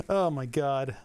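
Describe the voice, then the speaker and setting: In casual livestream chat while repairing software, a streamer with a clean, slightly mellow mid-range voice thinks out loud and curses freely. Technical failures and personal frustration alike just make them laugh.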